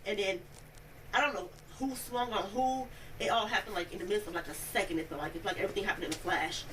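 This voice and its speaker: A woman's voice: medium pitch, quick pace. Young woman rattling off a long story, acts out what people said, sounds far off w a lot of noise. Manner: animated storytelling, acts out quoted speech, many "like" fillers. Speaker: interviewee recounting an incident. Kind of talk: rambling first-person account. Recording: distant mic, noisy room audio.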